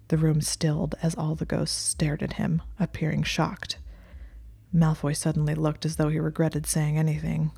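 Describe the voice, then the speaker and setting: Woman reading a story out loud, low voice, kinda gravelly and husky, dry wry tone. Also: monotone, normal speed. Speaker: narrator. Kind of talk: storybook narration.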